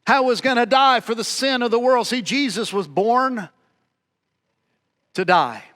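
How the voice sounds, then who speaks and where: High-voiced man preaching a dramatic sermon. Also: measured pace. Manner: dramatic preaching, acting out quoted dialogue with swings in loudness. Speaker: pastor.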